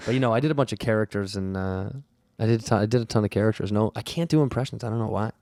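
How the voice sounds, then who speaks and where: A man's voice: fairly low pitch, very fast, dry recording, clean studio sound. A male comedian chatting casually as a podcast guest, rambling and acting out bits. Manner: animated, rambling, acts out bits.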